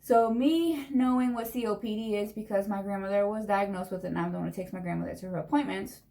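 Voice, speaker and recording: A young woman telling a long personal story in a chatty, animated way while doing her makeup. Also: mid-range voice, quick pace, creaky. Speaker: vlogger. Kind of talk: get-ready-with-me storytime.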